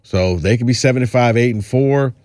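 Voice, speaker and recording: A man's voice: mid-range voice, fairly quick, darkish tone, dry recording. A man hosting a sports podcast, chatting casually and rambling through his points with frequent restarts. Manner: rambling, restarts, quotes others in a put-on drawl. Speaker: podcast host.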